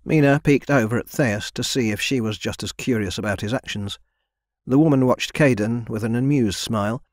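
A man reading a young adult fantasy audiobook in an even, measured scripted narration. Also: on the low side, dry recording, clean studio sound.

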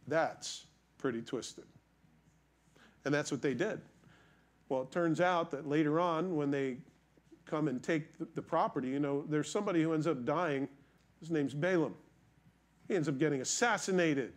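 Man preaching, higher voice, vivid storyteller, talks to his flock. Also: a little slow, pauses often. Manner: storytelling, animated, addresses congregation. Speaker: pastor. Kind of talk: sermon.

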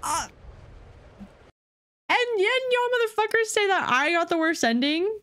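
A woman giving casual, excitable reaction commentary on a video game, swearing freely and thinking out loud. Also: very high-pitched, measured pace. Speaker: gaming reaction streamer.

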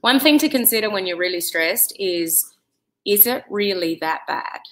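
A woman's voice: mid-range voice, animated, normal speed, fairly bright tone, poor audio. A middle-aged woman talking casually to camera, giving advice in a chatty, direct way with lots of fillers. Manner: chatty, direct, with many "you know"s. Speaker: vlogger giving life advice.

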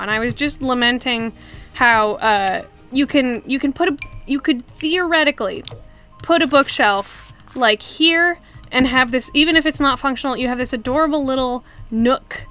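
Bright-voiced woman chatting while gaming. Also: fairly high pitch. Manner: chatty, giggly, self-deprecating. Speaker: streamer. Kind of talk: casual gameplay commentary.

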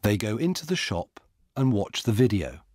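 A man narrating a simple graded reader story slowly and carefully. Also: on the low side, very animated, darkish tone, no echo, studio quality. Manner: slow, careful, clearly paced.

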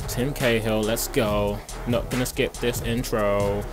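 A young man commentating a game pack opening, excitable and foul-mouthed, breaking into shouts. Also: lowish voice, measured pace, music in the background. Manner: excitable, swears freely, bursts into shouting. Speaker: gaming YouTuber.

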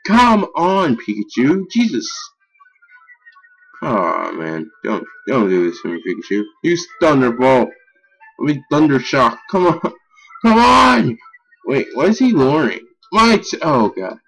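A young man giving casual gameplay commentary, excitable and easily frustrated, swearing and yelling at his game. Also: medium pitch, a little slow, slightly rough, faint music behind, rough recording. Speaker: let's play gamer.

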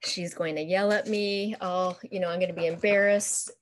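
A woman's voice: fairly low pitch, steady tone, normal speed, a little hiss or hum, close to an everyday voice. Woman playing an anxious, pleading schoolboy. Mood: worried. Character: scared, embarrassed schoolboy.

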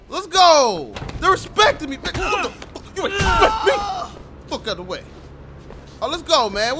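High, bright young man shouting at a game. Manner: loud, cursing, sudden shouts at the game. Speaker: gaming commentator. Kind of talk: profane gameplay commentary.

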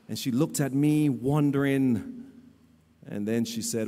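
A man preaching a storytelling sermon, animated, stammering and repeating his words. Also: fairly high pitch, moderate pace. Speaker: lay preacher and church teacher. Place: church hall. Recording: long church hall reverb.

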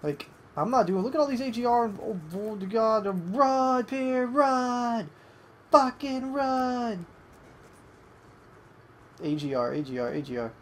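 An excitable young gamer calls a match live, cursing at rivals and breaking off to coax a pet in a lifted voice. The pitch sits mid-range, with a faint hiss of noise underneath. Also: takes it slowly. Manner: excitable, swears at opponents, coaxes a pet in a higher voice. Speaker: gamer doing live commentary. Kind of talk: live gameplay commentary.

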